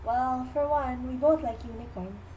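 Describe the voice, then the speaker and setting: A woman's voice: sits high, normal speed, warm tone, a little hiss or hum, pitched above the performer's own voice, natural voice, rough recording. A teenage girl voicing a dreamy, childlike young sister in a school skit, in a whimsical, sing-song voice. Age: teens.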